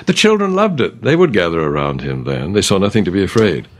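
An older man from England, an author and teacher, leading a gentle conversational Bible discussion. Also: deep voice, sing-song, quick pace.

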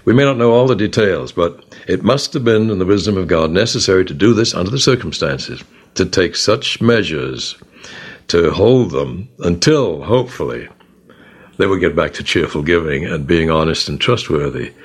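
A man leading a Bible study discussion, retelling scripture with animated storytelling and acted-out voices. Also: low-pitched, normal speed. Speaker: author and discussion leader.

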